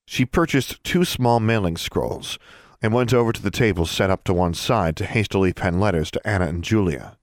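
A man with a very deep voice reads a fantasy novel aloud at a steady, even pace. The recording is dry and close, with no room sound. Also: normal speed, no room sound. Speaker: narrator. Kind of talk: audiobook narration.

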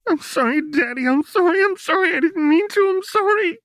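A man voicing a distraught young woman who sobs and pleads in desperate, high cries. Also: expressive, a little fast, a bit bright, dry recording, heavily acted. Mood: sobbing, pleading. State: sobbing.

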